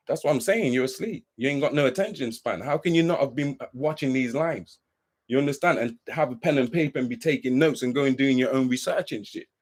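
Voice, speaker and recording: A man ranting heatedly and profanely on a live stream, worked up and preachy, who keeps asking if you understand. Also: medium pitch. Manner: says he is worked up. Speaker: livestream host.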